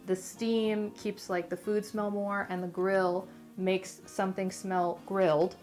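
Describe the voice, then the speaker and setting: A young Californian beauty vlogger chats casually to camera, rambling and saying "like" a lot, her speech slightly muffled after dental surgery. Her medium-pitched voice is slow and darkish with little pitch movement, and soft music plays in the background.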